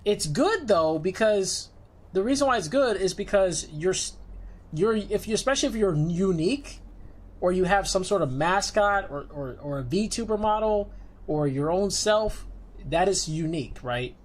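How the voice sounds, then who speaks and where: Chatty man streaming, slightly high voice. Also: lively intonation, moderate pace. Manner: rambling, conversational, with frequent restarts and fillers. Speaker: VTuber streamer. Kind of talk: casual chat on a livestream.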